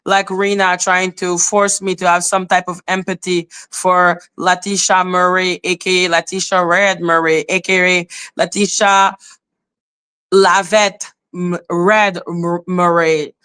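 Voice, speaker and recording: Woman, livestream host, bright clear voice, confrontational, scolding her chat. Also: lowish voice, flat delivery, a little slow. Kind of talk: live stream talk answering chat.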